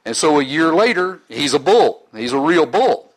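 A man's voice: on the high side, very animated, normal speed, poor audio. A middle-aged man in ministry giving an earnest, sometimes emotional personal testimony to a live audience.

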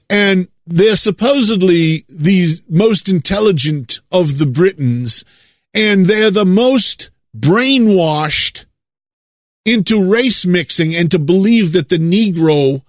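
A man from the United States preaching a monologue, leaning hard on drawn-out stresses and repeating words for effect. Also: sits high, animated, dry recording, clean studio sound.

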